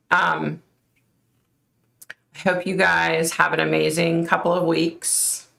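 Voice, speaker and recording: A woman's voice: lowish voice, gravelly, a bit bright. A middle-aged woman from the United States, chatting casually on a live stream as a psychic host, laughing often and thanking viewers by name. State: overheated and sweating. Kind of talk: casual live-stream chat reading comments.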